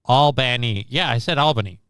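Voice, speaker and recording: A man chatting on a casual stream, joking crudely and swearing often. His voice is smooth and resonant but prone to cracking, and it sits at a middle pitch. The sound is close and dry. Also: normal speed, a bit bright, no room sound. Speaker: stream co-host. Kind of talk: casual chat.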